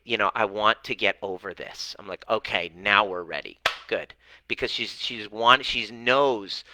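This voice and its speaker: A male coach speaks bluntly and swears freely, slipping into the voices of the people in his stories. His voice is low and very bright. The sound is close and dry. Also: no room sound, rough recording. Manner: blunt, swears freely, acts out client's words. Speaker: relationship coach. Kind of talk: motivational talk to camera.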